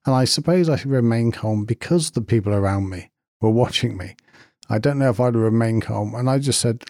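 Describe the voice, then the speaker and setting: A man's voice: fairly low pitch, moderate pace, darkish tone, dry recording, clean studio sound. A man giving a reflective spoken talk, telling stories and repeating his points for emphasis.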